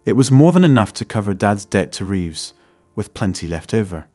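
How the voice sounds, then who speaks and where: A man narrating a scripted first-person story in a steady, even read. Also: fairly low pitch, moderate pace, no echo, faint music behind.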